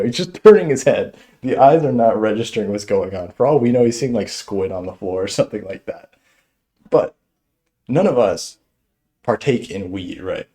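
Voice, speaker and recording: A young man telling a stand-up story in an animated way, chuckling as he goes. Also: fairly low pitch. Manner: animated, chuckles through his own story. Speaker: stand-up comedian.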